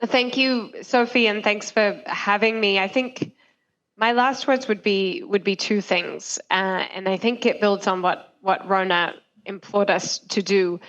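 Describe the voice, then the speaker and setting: A woman giving earnest, measured closing remarks on a panel, speaking remotely over a video call. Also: medium pitch, fairly bright tone, muffled recording. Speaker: panel speaker from humanitarian agency.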